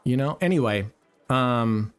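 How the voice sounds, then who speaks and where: A man hosting a live stream in a plain, mid-pitched voice, talking casually and cursing freely. He rambles, restarting sentences and filling pauses with ums. Faint music plays behind him. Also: lively intonation, smooth. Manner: blunt, heavily profane storytelling; rambling, with many fillers and restarts. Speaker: roulette livestream host.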